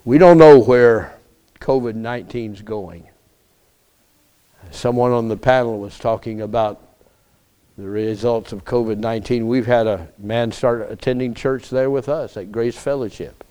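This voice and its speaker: Slow, resonant preaching man. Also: medium pitch, warm tone, smooth. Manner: emphatic preaching with rhetorical questions, slow drawn-out phrases. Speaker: pastor. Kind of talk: sermon.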